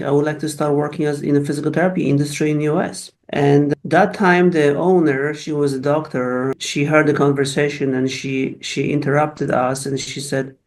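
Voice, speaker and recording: A man's voice: fairly high pitch, a little mellow. A middle-aged man with a Polish accent, a physical therapist telling his life story in an interview, often restarting and repeating words as he recalls events. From Poland.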